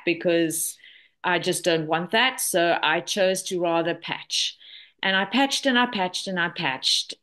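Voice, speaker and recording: A woman's voice: lowish voice, a bit bright. A woman in her sixties from South Africa, giving a chatty, enthusiastic personal testimonial with many fillers during an online presentation over a video call. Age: 60s.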